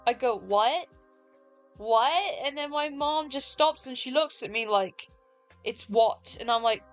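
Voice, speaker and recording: High-pitched chatty woman with a mixed accent. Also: a little fast, smooth, soft background music. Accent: mixed British and American. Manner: chatty, rambling, many fillers. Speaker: streamer host. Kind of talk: casual stream chat.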